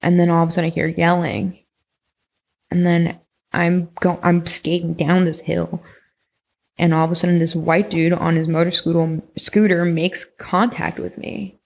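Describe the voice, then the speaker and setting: Young woman, creaky voice, rambling casual storyteller full of "like" and swearing. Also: on the low side, little pitch movement, moderate pace, a little mellow. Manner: rambling, heavy use of "like", frequent swearing. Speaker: podcast guest recounting experiences.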